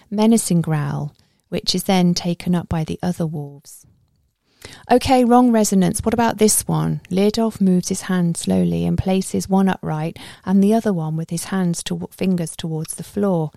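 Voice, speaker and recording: A woman narrating a story in the first person in a steady, measured way. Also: on the low side, vocal fry, no echo, clean studio sound. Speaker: audiobook narrator.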